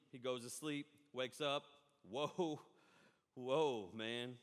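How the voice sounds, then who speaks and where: A man preaching a sermon, rambling and animated, often breaking off mid-thought. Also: medium pitch, slow pace. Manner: rambling, animated, self-interrupting. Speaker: pastor. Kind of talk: live-streamed sermon. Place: church hall. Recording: echoey hall reverb.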